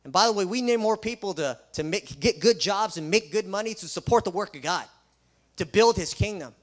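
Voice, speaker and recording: A man's voice: high-pitched, lively intonation, a little fast. A man who is a Christian school principal, preaching an emphatic sermon full of rhetorical questions and sarcastic asides.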